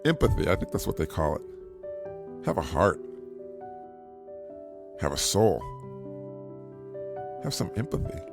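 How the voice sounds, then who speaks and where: Middle-aged male podcast host, low gravelly voice, earnest and repetitive, faint music bed. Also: very animated, a little slow, long pauses. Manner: earnest, repetitive, chuckles at his own points. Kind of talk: casual advice monologue.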